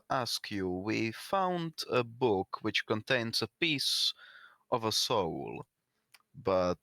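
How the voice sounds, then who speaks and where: A man's voice: fairly low pitch, vocal fry, fairly bright tone, no room sound, studio quality. A man playing a tabletop game, talking casually and hesitantly, his voice rising on questions. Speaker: player. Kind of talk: tabletop role-play.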